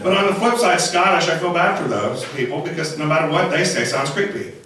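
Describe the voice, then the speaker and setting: A hoarse man with a cold doing chatty, self-mocking stand-up comedy on a conference stage. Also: on the high side, lively intonation, fast, sharp tone. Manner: chatty, self-mocking, slips into funny voices. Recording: echoey hall from far off.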